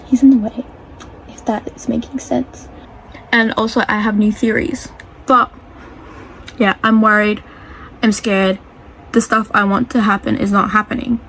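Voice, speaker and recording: A woman's voice: a little high, slight background noise, rough recording. A teenage girl chatting casually in a reading vlog, gushing and dramatic about a book. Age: teens. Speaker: reading vlogger.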